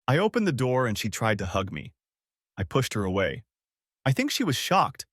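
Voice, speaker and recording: A man's voice: medium pitch, sing-song, moderate pace, a bit bright, no room sound, studio quality. A man narrating a dramatic first-person audiobook story with emotional delivery.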